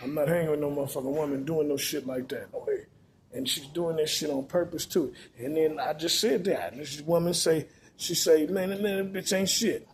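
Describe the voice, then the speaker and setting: A man's voice: on the high side, fairly quick, a little hiss or hum. Profane man on a rambling rant. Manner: profane, preachy, repetitive.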